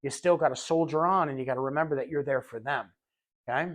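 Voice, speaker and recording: A man teaching a recorded training lecture for healthcare aides, talking in a relaxed conversational way, often repeating words as he restarts a thought. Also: mid-range voice, fast talker. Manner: conversational, acts out little scenes in quoted voices.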